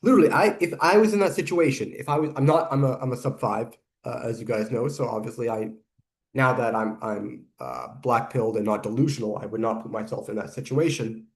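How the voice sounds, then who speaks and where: A man giving casual reaction commentary on video clips, rambling and pausing, who says saliva builds up when he talks fast. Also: mid-range voice, expressive. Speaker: video reviewer.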